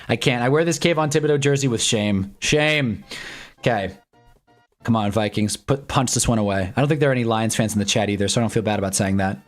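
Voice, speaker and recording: A young man talks casually while watching football on a live stream, his voice swinging from quiet muttering to sudden excited outbursts. He sits close to a desk mic, and faint music plays softly behind him. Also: on the high side. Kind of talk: casual live sports watch-along chat.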